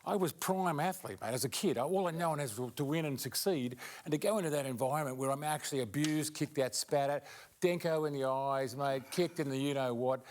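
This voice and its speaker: A man's voice: on the high side, brisk. Australian man, panel guest, blunt and matey, stop-start delivery. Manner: blunt, matey, repeats words and starts over. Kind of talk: casual panel chat.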